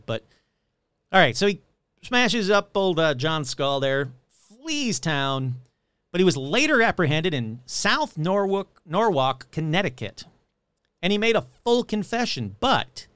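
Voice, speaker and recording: A man hosting, telling eerie local history casually with animated, jokey asides. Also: on the high side, clean tone, no room sound. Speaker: host. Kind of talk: casual paranormal storytelling.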